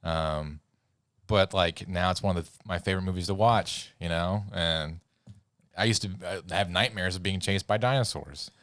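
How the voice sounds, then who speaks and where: A man's voice: sits low, normal speed, a bit bright, dry recording, studio quality. A man co-hosting a podcast, telling stories in a rambling, laughing way and losing his words now and then. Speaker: podcast co-host. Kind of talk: casual podcast chat.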